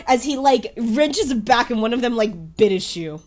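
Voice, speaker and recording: A woman's voice: on the high side, animated, normal speed, few pauses, soft background music. Rambling woman game master. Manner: rambling, full of fillers and laughs. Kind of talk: narrating a tabletop game.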